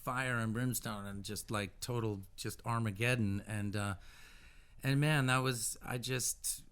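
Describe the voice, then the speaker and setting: A man's voice: medium pitch, fairly even intonation, a little slow, a bit bright, clear, resonant tone. A man in his fifties, a guest musician in a casual radio interview, who rambles through stories with many false starts and restarts.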